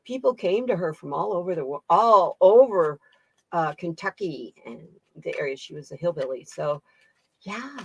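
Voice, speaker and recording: A woman's voice: fairly low pitch, animated, normal speed, husky. A woman hosting a casual live-stream tarot reading, chatting with her viewers, laughing often and reading their comments aloud. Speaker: tarot reader and channel host.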